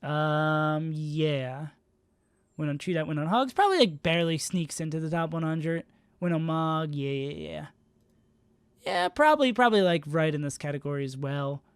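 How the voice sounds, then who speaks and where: A man's voice: fairly high pitch, animated, moderate pace, clean tone, no echo. A man streaming live, casually talking through player rankings in a rambling, self-mocking way. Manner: rambling, self-mocking, many fillers and restarts.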